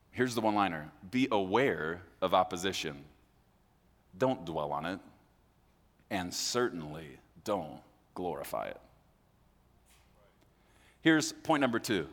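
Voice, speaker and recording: Lively male pastor preaching in a hall. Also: low voice, moderate pace. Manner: conversational preaching, acts out voices of listeners. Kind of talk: sermon. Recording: live hall with long reverb.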